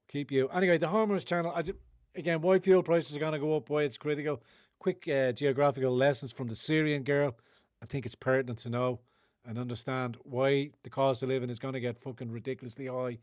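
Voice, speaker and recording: A man's voice: mid-range voice, fairly even intonation, a little fast, darkish tone, no room sound, studio quality. A man with an Irish accent hosting a livestream, ranting with heavy sarcasm and frequent swearing. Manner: sarcastic, profane, rambling. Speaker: livestream host.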